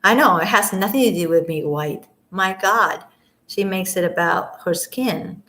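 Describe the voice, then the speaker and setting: A woman's voice: lowish voice, unhurried, poor audio. Rambling woman on a late-night live stream. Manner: rambling, talks to viewers, trails off softly. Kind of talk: casual live-stream commentary. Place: at home, alone at night. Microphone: camera mic.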